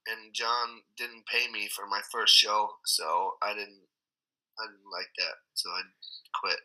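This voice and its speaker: Male podcast guest from Wisconsin, very bright voice, easygoing, dry. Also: fairly low pitch, level tone, takes it slowly, low-quality recording. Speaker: podcast guest, freestyle motocross rider. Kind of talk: casual chat.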